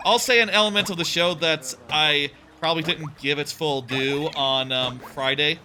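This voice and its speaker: A man's voice: on the high side, moderate pace, bright, forceful tone, a little hiss or hum. A young man hosting a casual let's play, rambling and chatty and swearing freely. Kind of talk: casual gaming commentary. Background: faint game music.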